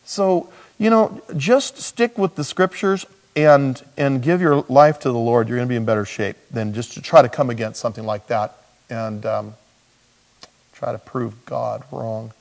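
A man's voice: a little slow, vocal fry. Man preaching in an echoing hall. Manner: animated preaching with rhetorical questions and sudden pitch jumps. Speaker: pastor. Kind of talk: sermon. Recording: long reverb of a large hall.

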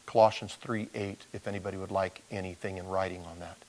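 A middle-aged pastor with a deep voice preaches at a quick pace to his congregation. As he recounts the story, he gets animated and takes on the voices of its characters.

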